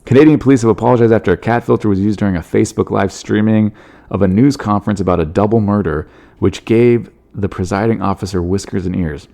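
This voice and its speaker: Male podcast host, dark and gravelly voice, fairly low, wry jokes about the news. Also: fast. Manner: wry, joking asides, laughs at his own bits. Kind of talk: comedic news commentary.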